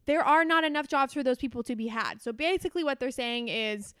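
A woman's voice: sits high, a bit bright, clear, resonant tone, no room sound, clean studio sound. A woman co-hosting a podcast in casual, jokey chat. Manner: chatty, jokey, talks in quick asides. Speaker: podcast co-host.

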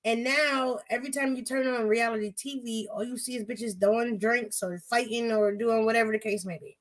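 A woman's voice: on the high side, fairly even intonation, fairly quick. A young woman talking in casual podcast chat, blunt, profane and emphatic.

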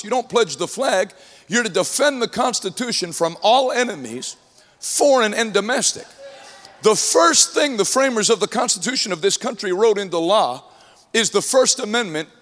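A man with a high voice delivers a sermon, trading jokes and stories with a congregation. He builds from easy storytelling to ringing shouts. His voice rings out under a long hall reverb. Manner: humorous storytelling, rising to shouts. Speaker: preacher.

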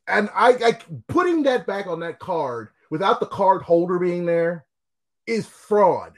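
Man, casual host, high voice that jumps all over, blunt and profane. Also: sing-song, measured pace. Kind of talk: casual chat.

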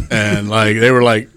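A man's voice: medium pitch, a bit bright. A man, a wrestler telling profane road stories on a podcast and laughing as he goes. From Chattanooga area, Tennessee. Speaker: professional wrestler guest. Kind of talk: casual podcast storytelling.

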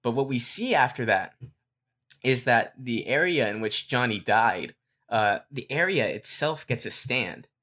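Man, mid-pitched, podcast co-host, relaxed rambling chat, loose fan-theory talk full of fillers. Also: unhurried.

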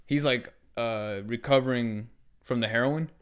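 Dude rambling on a podcast, cussing a ton, like and um everywhere, smooth clear voice. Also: male voice, mid-range voice, unhurried. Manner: rambling, swears a lot, many fillers. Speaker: podcast co-host. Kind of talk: casual chat.

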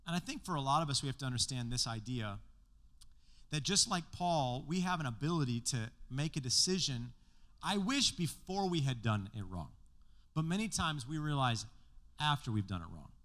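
A man's voice: mid-range voice, animated, moderate pace, fairly bright tone. A man preaching a sermon as pastor to a congregation in a church room, in a casual, joking way with slang.

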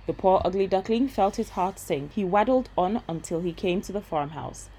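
A woman reading a bedtime story aloud in a gentle, steady voice. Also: mid-range voice, normal speed, husky, rough recording.

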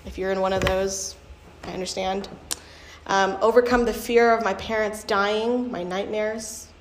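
A woman's voice: mid-range voice, fairly even intonation, a little slow. A young adult woman giving a candid, conversational personal testimony, often using fillers as she talks. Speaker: speaker sharing a testimony. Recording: echoey room with faint ambient noise.

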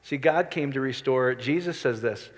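A man's voice: mid-range voice, moderate pace. A middle-aged man preaching a sermon as a pastor, talking conversationally and asking the congregation questions. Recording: reverberant hall.

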